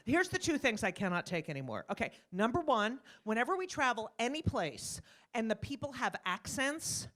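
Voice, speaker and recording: A middle-aged woman with a fairly high voice performs a stand-up set in a club at a normal speed. She's brash and animated, swears freely, and acts out little scenes with different voices.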